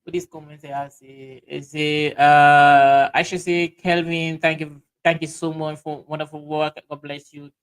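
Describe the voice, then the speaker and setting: A man with a Sierra Leonean Krio accent hosting a livestream, reading out viewer comments in halting speech full of fillers and restarts. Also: a little high, level tone, clean tone, rough recording. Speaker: livestream host.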